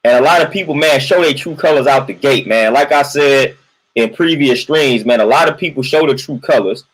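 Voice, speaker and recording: Over a low-quality recording, a livestream host talks fairly fast in a medium-pitched, slightly breathy voice. He's venting casually to his stream, repeating himself for emphasis, ending lines with "man," and welcoming chat viewers between rants.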